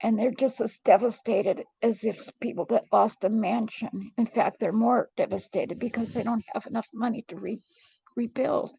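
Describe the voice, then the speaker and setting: A woman's voice: on the high side, fairly even intonation, normal speed, creaky, dark tone, husky, no room sound, low-quality recording. A middle-aged woman hosting a live stream vlog, talking in a rambling, earnest and heartfelt way. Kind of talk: casual confiding monologue.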